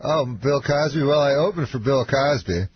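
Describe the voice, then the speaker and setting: A deadpan comedian from Canada, a man who drifts through his story in halting bits and restarts. His voice sits in a middle register. It comes through a dull radio broadcast with a steady hiss underneath. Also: mid-range voice. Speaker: comedian guest. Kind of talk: rambling storytelling on a radio show.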